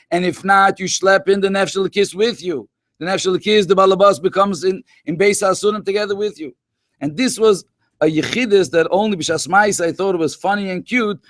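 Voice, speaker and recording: A man's voice: sits high, fairly bright tone, no echo, studio quality. A man, a rabbi and educator, telling stories to schoolchildren in a conversational way, full of Hebrew and Yiddish terms. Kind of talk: storytelling talk to schoolchildren in a webinar.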